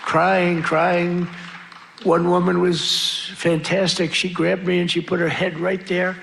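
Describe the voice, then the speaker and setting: A man's voice: sits high, level tone, slow, gravelly, a bit bright. Boastful man giving a rally speech. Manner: boastful, repetitive, rambling asides. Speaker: political rally speaker. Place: large rally venue. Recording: crowd noise from a live rally. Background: cheering crowd and ambient noise.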